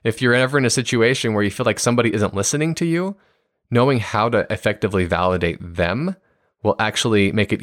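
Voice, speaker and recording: A man in his thirties with a fairly low voice hosts a solo podcast episode, recorded at studio quality with no room sound. A podcast host and speaker on communication, he explains ideas earnestly and acts out example replies with bursts of enthusiasm.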